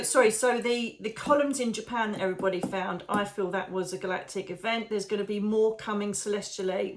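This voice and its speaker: Woman from the UK, psychic host, effusive, rambling, says darling a lot. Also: mid-range voice. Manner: effusive, chatty, digressing, calls viewers darling. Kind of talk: casual chat to viewers.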